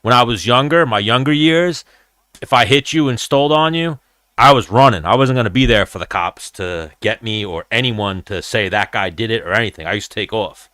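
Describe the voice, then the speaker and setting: Bright-voiced man telling fight stories. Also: lowish voice, fairly quick, dry recording, studio quality. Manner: animated, profane storytelling. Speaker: live-stream host and former fighter. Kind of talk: casual live-stream fight chat.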